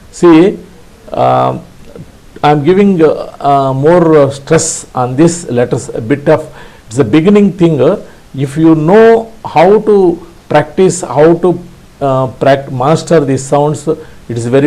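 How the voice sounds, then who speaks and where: Slow guy from india walking thru morse code, lots of uh's, low mellow voice. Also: rough recording. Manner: hesitant, many fillers and restarts, sounds out dits aloud. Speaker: ham radio instructor. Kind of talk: slow spoken tutorial.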